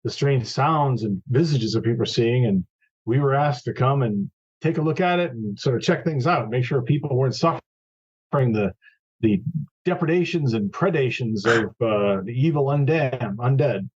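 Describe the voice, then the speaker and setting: A man playing a tabletop game talks in a halting way, searching for words. His voice is husky, and the recording sounds dull and lo-fi. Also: mid-range voice, animated. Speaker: player.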